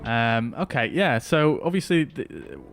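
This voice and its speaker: A man's voice: medium pitch, lively intonation, a little slow, a bit bright, soft background music. A man streaming a flight simulator, chatting casually with his viewers as he flies. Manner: chatty, talks to chat while flying. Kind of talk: casual live-stream commentary.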